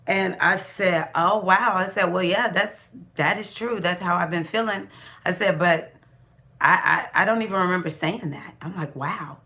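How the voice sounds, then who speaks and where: A woman tells a personal story to her viewers in a loose, chatty way, full of restarts and fillers. Her voice sits fairly low but sounds bright and forceful. She acts out what others said with sudden jumps in pitch. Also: moderate pace. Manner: animated, laughing, acts out quotes with big pitch jumps. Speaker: astrology vlogger. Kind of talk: casual storytelling monologue.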